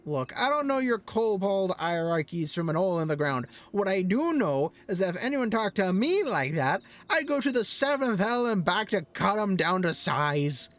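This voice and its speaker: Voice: medium pitch, very animated, normal speed, few pauses, a bit bright. A gamer voicing a brash, tough adventurer woman in a let's play, scolding bluntly in folksy talk. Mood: scornful.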